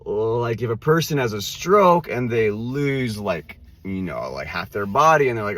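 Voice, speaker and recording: A man's voice: fairly low pitch, big pitch swings, measured pace, hardly any pauses, fairly bright tone. A man who stutters, with repeated words and restarts, talking casually and reflectively to camera as host of his own channel. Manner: casual, says "like" and "dude" often. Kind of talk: reflective self-help monologue.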